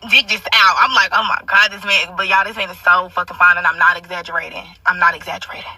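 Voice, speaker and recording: A woman's voice: lowish voice, fairly even intonation, fast talker, bright, forceful tone, recorded from a distance, a little hiss or hum, rough recording. A young woman telling a story in a casual monologue, brash and profane, with constant asides to her listeners.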